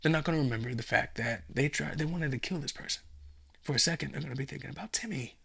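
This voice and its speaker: A man's voice: mid-range voice, quick pace, creaky, a bit bright, breathy edge. A man hosting a comedy podcast, delivering a profane, rambling monologue and acting out scenes.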